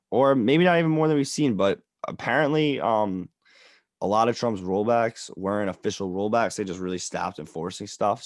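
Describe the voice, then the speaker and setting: A man with a very low voice, recorded dry and close with no room sound. He chats casually about economics in a slangy, relaxed and opinionated way, like a podcast co-host. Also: no echo.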